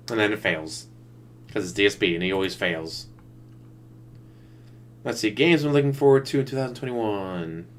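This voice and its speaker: A man's voice: lowish voice, moderate pace, long pauses. A man giving sarcastic, mocking running commentary while he watches another streamer's broadcast. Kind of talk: casual reaction commentary. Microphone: desktop USB mic.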